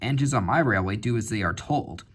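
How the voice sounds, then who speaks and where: A man's voice: fairly low pitch, animated, brisk, husky. A man reading a storybook, voicing a stern, formal male railway boss. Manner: severe, formal.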